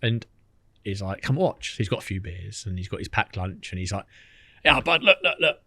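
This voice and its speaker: A man's voice: on the low side, sing-song, normal speed, bright, forceful tone, dry recording. A man, a podcast guest telling cheeky anecdotes and mimicking the people in them. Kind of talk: casual storytelling.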